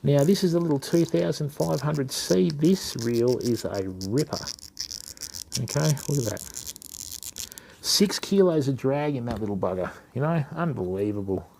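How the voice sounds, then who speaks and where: Servicing fishing reels on a live stream, this middle-aged fishing channel host from Western Australia talks to viewers in a casual, matey way with an Australian accent. His medium-pitched voice is mellow with vocal fry and lively intonation, at normal speed, with slight background noise.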